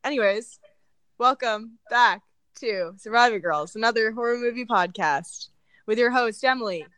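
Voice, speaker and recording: A woman's voice: a little high, normal speed, a bit bright, clean tone, no echo. A young woman hosting a podcast in casual chat, laughing often and swearing casually. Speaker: podcast host.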